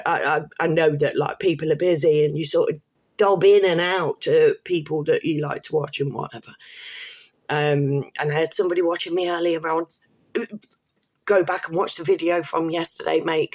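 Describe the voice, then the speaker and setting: Blunt sweary British woman in her fifties. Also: deep voice. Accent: British English. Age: 50s. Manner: blunt and sweary, rambling with restarts and laughs. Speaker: vlogger. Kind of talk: casual monologue to camera.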